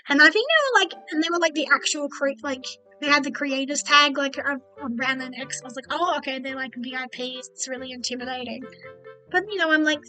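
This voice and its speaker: A woman's voice: high-pitched, bright, forceful tone, rough recording. A young woman streaming as a VTuber, telling a rambling story and acting out her own thoughts as quoted asides.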